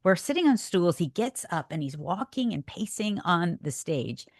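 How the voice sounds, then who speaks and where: An older woman tells a story as a podcast guest, her fairly low voice swinging widely as she acts out what was said. The sound is dry and close, with no room around it. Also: moderate pace, no room sound. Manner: expressive, acts out quotes with big pitch swings. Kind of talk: animated storytelling in a podcast interview.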